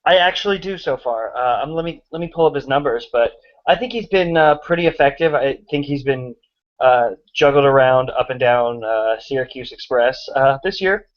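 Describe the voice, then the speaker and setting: A man's voice: mid-range voice, normal speed. Joking male co-host on a dull line. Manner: joking, filler-heavy. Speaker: podcast co-host. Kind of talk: casual sports chat.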